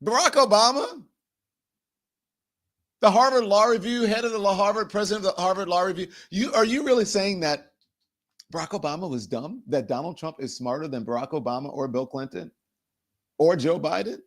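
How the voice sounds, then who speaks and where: A man hosting a political commentary show, incredulous and animated, often laughing between remarks. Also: high-pitched, brisk. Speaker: host.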